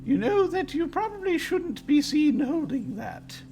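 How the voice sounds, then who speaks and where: A man's voice: very high-pitched, big pitch swings, unhurried, warm tone, highs cut off, soft background music, pitched above the performer's own voice, full character voice. A man voicing a poised, reserved noblewoman duchess who speaks formally and courteously in a tabletop game. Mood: guarded.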